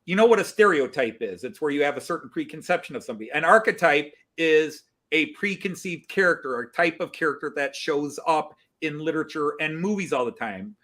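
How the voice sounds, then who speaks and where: A man hosting a casual group chat, talking in a rambling, animated way with many restarts. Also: fairly high pitch, a little fast, few pauses. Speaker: host.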